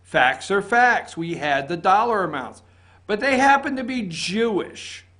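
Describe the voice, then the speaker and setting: A man's voice: high-pitched, sing-song, measured pace, sharp tone. A man hosting a political opinion show, talking in an indignant, emphatic way and hammering his points again and again. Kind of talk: opinion commentary.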